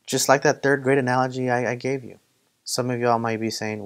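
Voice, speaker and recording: Man, mid-pitched, preaching a casual Bible study, chatty, tells stories. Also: little pitch movement, quick pace, gravelly. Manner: conversational, storytelling with acted quotes. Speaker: pastor leading Bible study. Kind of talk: casual sermon.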